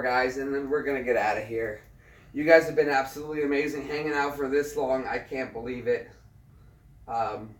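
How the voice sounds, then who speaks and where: A man's voice: a little high, fairly bright tone. A man hosting a late-night live stream from home, chatting casually and talking straight to his viewers. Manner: chatty, addresses viewers directly. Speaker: livestream host. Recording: roomy echo, away from mic.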